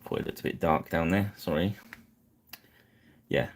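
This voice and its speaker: A man's voice: low-pitched, moderate pace, slight background noise. A man hosting a live painting stream, chatting casually and apologizing with self-deprecating asides.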